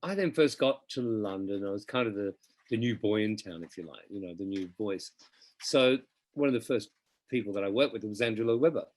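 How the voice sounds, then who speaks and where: A middle-aged singer in a casual interview, telling chatty, animated anecdotes about his career. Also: fairly low pitch, fairly quick, no room sound. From Australia. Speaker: interview guest, musical theatre singer.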